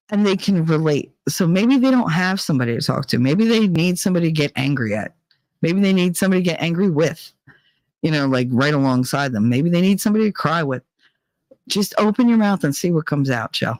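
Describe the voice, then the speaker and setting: A man's voice: a little high, animated, moderate pace, dry recording. A man from New Jersey talking candidly to his viewers in a rambling, profane, confessional way, sometimes mimicking other people. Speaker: channel host. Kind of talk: candid personal monologue to viewers.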